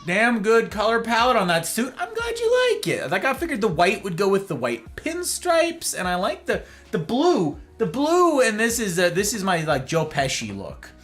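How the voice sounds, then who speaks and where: Guy on a livestream chatting w chat, bouncy lively pitch, faint music behind. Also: normal speed, hardly any pauses. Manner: chatty, greets viewers by name with playful flourishes. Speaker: streamer.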